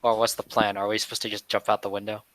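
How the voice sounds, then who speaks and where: A man's voice: on the low side, level tone, fast, fairly bright tone, no room sound. A man playing a tabletop game, laid-back and chuckling. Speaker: player. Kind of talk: casual tabletop play.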